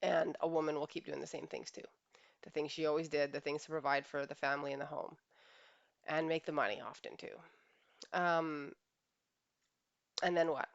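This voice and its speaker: A woman's voice: low-pitched, fairly even intonation, moderate pace, gravelly, long pauses, no echo, muffled recording. A woman relationship coach giving an earnest reflective monologue, often sighing. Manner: earnest, with frequent sighs.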